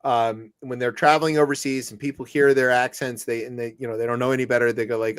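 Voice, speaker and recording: A man's voice: mid-range voice, flat delivery, fast talker, few pauses, smooth. A man co-hosting a comedic news podcast, rambling and joking with lots of restarts and mock quotes. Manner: rambling, jokey, many restarts and put-on quotes. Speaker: podcast co-host.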